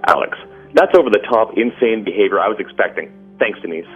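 A curt, sneering male commenter, read by a man. His voice is low and husky. It comes through a dull, lo-fi line with faint music behind. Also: animated, a little fast. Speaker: listener volunteering as voice actor.

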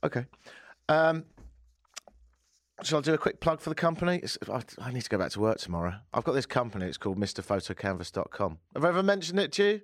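Lively bouncy radio host guy, kinda high voice, joking around, dry studio sound. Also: fast, no echo. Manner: playful, animated, self-mocking. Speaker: radio talk show host.

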